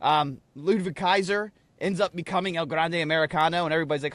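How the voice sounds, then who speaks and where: Podcast co-host, male, fairly high voice, profane, animated storyteller, dry close mic. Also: fast, hardly any pauses, no echo. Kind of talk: casual chat.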